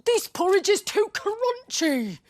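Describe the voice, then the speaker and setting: A woman voicing a small, gentle, sleepy male bear in a storybook, drawing out his plaintive complaints. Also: very high voice, sing-song, slow pace, a little hiss or hum, pitched above the performer's own voice, heavily acted. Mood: fussy.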